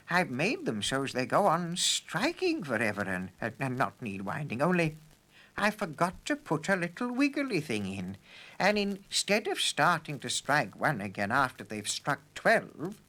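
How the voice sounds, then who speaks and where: A man's voice: fairly high pitch, exaggerated voice. A man voicing an absent-minded old male professor who stammers and gets flustered. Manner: stammering, excitable.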